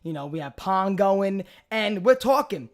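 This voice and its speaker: Young male podcast host, Brooklyn accent, high-pitched, animated and profane. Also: a little slow. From Brooklyn, New York. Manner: animated storytelling, profane, acts out quoted voices. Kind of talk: casual chat.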